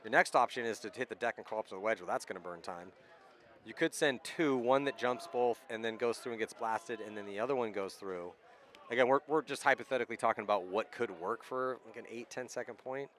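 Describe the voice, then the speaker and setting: A man calling live paintball play outdoors, breaking down tactics in a chatty, analytical manner. His voice sits at an ordinary middle male pitch, and the open air of the field is around him. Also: fairly bright tone. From California. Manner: chatty, analytical, quick to laugh. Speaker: play-by-play commentator. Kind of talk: live sports commentary.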